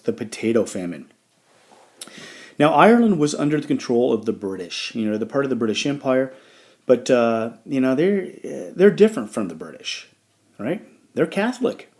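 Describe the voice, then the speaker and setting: A male history teacher lecturing in an easygoing, conversational style, voice of average pitch for a man. He leans on fillers and keeps checking in with the class as he goes. He sounds like he is talking a room through the material rather than reading it. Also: darkish tone. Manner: conversational, with frequent fillers and check-ins like "all right?".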